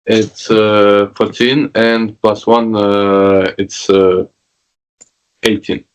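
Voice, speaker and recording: A man's voice: on the low side, flat delivery, clean tone, dull audio. A man playing in a tabletop game, calling out dice rolls hesitantly. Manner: hesitant, reads dice slowly. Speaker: player. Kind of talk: casual game chat.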